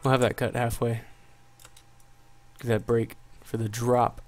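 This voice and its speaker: A man at an ordinary mid pitch walks viewers through building a track during a casual live stream. He thinks aloud as he works and stops now and then to greet people in the chat. Loud electronic music plays back behind his voice. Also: flat delivery, a little slow. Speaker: music producer streaming a tutorial. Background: loud electronic music playing back.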